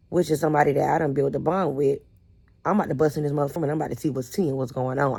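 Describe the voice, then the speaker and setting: A woman's voice: deep voice, gravelly, dark tone, husky, no room sound. A woman speaking bluntly and confrontationally as she explains a personal conflict. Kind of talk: heated personal account.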